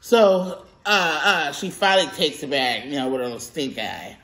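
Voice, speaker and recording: A woman vlogger from California telling a story to camera while eating, animated and laughing often as she quotes herself. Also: deep voice, normal speed. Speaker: mukbang vlogger.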